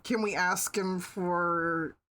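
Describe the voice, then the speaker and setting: A woman's voice: lowish voice, steady tone, slow, fairly bright tone. A woman streamer chatting casually with her viewers, swearing freely and breaking into laughter. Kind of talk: casual live-stream chat.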